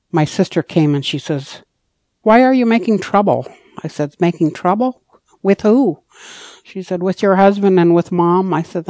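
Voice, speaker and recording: A woman's voice: sits low, a little mellow, no room sound. A woman from Alaska gives a personal testimony as a guest, retelling past conversations by quoting what each person said. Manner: reenacts conversations with quoted dialogue. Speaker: guest telling her life story.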